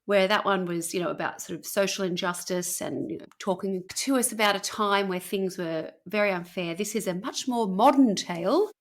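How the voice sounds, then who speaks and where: A woman's voice: mid-range voice, moderate pace, few pauses. A woman telling a story on a podcast in a chatty, rambling way with plenty of fillers. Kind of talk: conversational storytelling.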